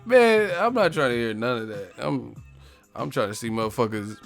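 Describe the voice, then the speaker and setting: A man's voice: mid-range voice, animated, fairly quick, gravelly, fairly bright tone, soft background music. A man hosting a boxing live stream, ranting casually and profanely with jokes. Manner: profane, laughing, joking. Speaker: boxing channel host.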